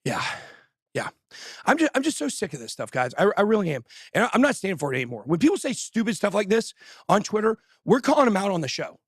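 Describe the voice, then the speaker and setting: A man hosting a show, shouting angry, fired-up insults in a breathless rant. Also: high voice, big pitch swings, fast talker, breathy edge, dry recording, studio quality. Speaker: host. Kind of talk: ranting livestream talk.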